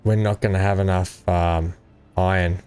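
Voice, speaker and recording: With faint music behind him, this Australian gaming channel host plays and chats casually, rambling often in his enthusiasm. His low, slightly mellow voice keeps a level tone at normal speed, and the recording is clean.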